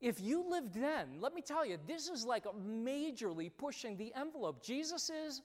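Lively preacher, pitch jumps all over, hammering points with repetition, big echoey sanctuary. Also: a little slow. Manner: animated, emphatic repetition, addresses congregation directly. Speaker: pastor. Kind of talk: sermon. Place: church sanctuary. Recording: long reverb of a large church hall.

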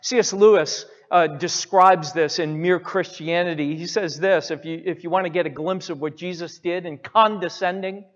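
A man's voice: sits high, fairly even intonation, moderate pace, few pauses. A man preaching a sermon as pastor, emphatic, repeating key phrases again and again. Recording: reverberant hall, dull lo-fi sound.

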